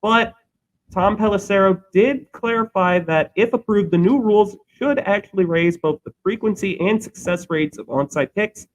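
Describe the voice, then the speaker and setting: A man's voice: sits high, normal speed, low-quality recording. A young man co-hosting a podcast, explaining a rule change in a rambling, thinking-aloud way. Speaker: podcast co-host. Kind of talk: casual chat.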